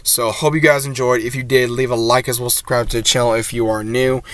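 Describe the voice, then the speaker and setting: Male reviewer, casual rambling recap, even delivery, dry close sound. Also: mid-range voice, brisk, no room sound. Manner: rambling retelling, many "he says" and filler sounds. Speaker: anime episode reviewer.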